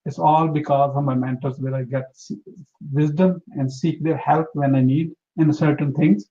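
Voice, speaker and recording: Earnest high-voiced man giving advice. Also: fairly even intonation, moderate pace, mellow, highs cut off. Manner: earnest, emphatic, repeats for emphasis. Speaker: interview guest, entrepreneur. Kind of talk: motivational interview talk.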